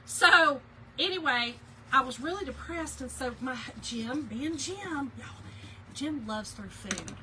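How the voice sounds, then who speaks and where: A woman's voice: high voice, expressive, takes it slowly, noisy background. A middle-aged woman, chatting casually and laughing with live viewers while she crafts. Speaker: craft livestream host.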